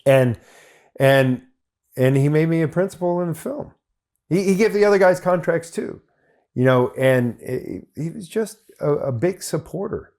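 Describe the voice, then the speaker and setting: A military veteran guest on a podcast, telling a long anecdote in casual, profanity-heavy speech full of restarts. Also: male voice, fairly high pitch, lively intonation, a little slow, darkish tone. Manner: profane, rambling anecdotal storyteller. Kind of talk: casual storytelling.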